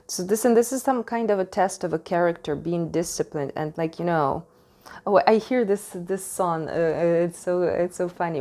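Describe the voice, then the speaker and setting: A woman with a somewhat low voice gives a casual tarot reading at home. English is not her first language, and she searches for words as she talks. She speaks frankly into a desk microphone, swears freely and laughs often. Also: darkish tone. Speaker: tarot reader. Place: home in Switzerland.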